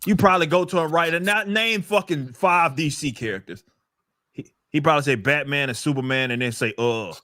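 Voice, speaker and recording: A man's voice: fairly high pitch, brisk, pushed and bright, no echo. Profane ranting man, dry sound. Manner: ranting, profane, repeats words while thinking. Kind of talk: casual podcast chat.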